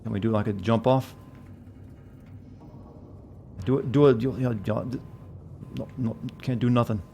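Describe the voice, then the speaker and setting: Male streamer, easy mid-pitched voice, loose rambling commentary, lots of self-deprecating quips. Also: steady tone, unhurried, creaky, dark tone, slight background noise. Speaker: game streamer. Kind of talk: casual gameplay commentary.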